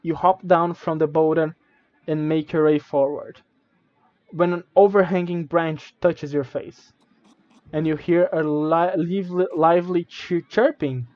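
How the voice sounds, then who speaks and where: A man's voice: fairly high pitch, fairly even intonation, measured pace, no echo, dull audio. A man streaming, reading a gamebook aloud with stumbles, restarts and casual asides. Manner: reads with stumbles and self-corrections, casual asides.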